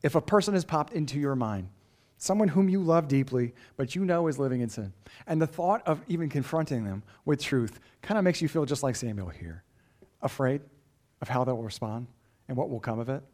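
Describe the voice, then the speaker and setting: A man's voice: mid-range voice, expressive, brisk, darkish tone. A pastor delivering a sermon in an earnest, emphatic way, often asking his listeners rhetorical questions.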